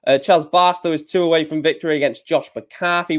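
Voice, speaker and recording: A man's voice: fairly high pitch, steady tone, fairly quick, few pauses, fairly bright tone. A man hosting a live stream, chatting casually, reading out match results and answering his chat with lots of fillers. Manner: chatty, reads out scores and chat, many fillers.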